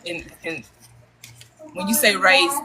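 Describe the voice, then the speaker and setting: A woman's voice: on the low side, slow, crowd noise, low-quality recording. A woman hosting a spiritual talk show, who affirms her guest and explains her beliefs like a preacher. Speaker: host.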